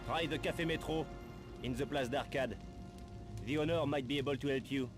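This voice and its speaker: A man's voice: mid-range voice, brisk, music in the background, close to an everyday voice. A man doing a wheedling French tramp. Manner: sly, wheedling, begging for change. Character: scruffy male Paris tramp, pushy beggar. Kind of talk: video game dialogue.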